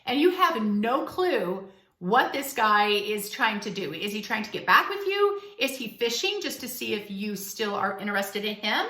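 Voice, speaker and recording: Emphatic woman giving bright, roomy advice. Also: mid-range voice, sing-song, moderate pace. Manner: emphatic, direct, coaching tone. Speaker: relationship advice vlogger. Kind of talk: casual direct-to-camera advice. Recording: roomy echo.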